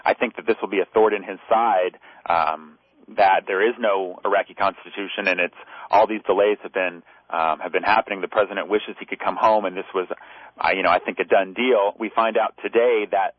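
A man from Texas, a news correspondent, chatting as a radio guest with quick conversational asides. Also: deep voice, fairly even intonation, no room sound. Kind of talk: casual talk radio chat. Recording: tinny phone line.

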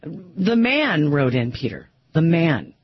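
A woman co-hosting a radio talk show in a studio, chatty and quick to laugh. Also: low-pitched, big pitch swings, breathy edge, dry recording, lo-fi sound.

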